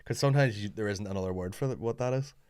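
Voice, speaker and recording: A man chatting casually as a podcast host, telling animated stories with plenty of swearing. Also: fairly low pitch, very fast, clean tone, no echo, clean studio sound. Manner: animated storytelling, swearing, acting out voices. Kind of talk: casual chat.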